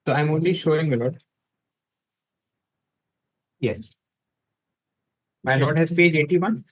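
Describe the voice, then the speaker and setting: Male advocate, formal courtroom pleading, deferential yet emphatic, slightly high voice. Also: slow, poor audio. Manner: deferential, repeatedly saying my lord; emphatic, reads passages from documents.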